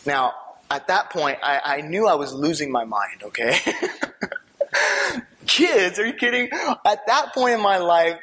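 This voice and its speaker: Husky-voiced man telling an animated testimony. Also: fairly high pitch, slow pace, long pauses. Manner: animated, laughing, swings from hushed to excited outbursts. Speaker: speaker sharing a personal testimony. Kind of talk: storytelling testimony to an audience.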